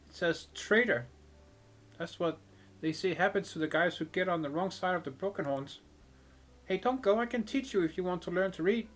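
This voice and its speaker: A man's voice: high voice, moderate pace, fairly bright tone, pitched above the performer's own voice. A man voicing a cheeky little street girl from a game, teasing and sassy.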